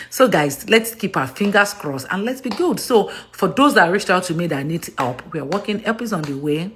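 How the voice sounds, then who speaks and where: A woman's voice: fairly low pitch, expressive, normal speed, few pauses. A Nigerian woman talking straight to her viewers in a vlog, emphatic and affectionate, often repeating herself. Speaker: actress vlogger. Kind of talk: direct-to-camera vlog monologue.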